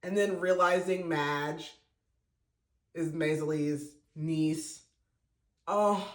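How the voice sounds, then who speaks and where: A man's voice: fairly high pitch, steady tone, extremely slow. A man hosting a podcast, giving a casual, emotional book review full of fillers and restarts. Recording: roomy echo.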